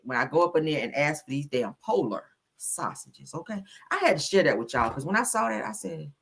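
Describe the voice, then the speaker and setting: Low-pitched and expressive with vocal fry, a woman talks fairly quickly while hosting a casual, comedic livestream, with slight background noise. She laughs loudly and often, mixing profanity with frequent preachy calls to the Lord.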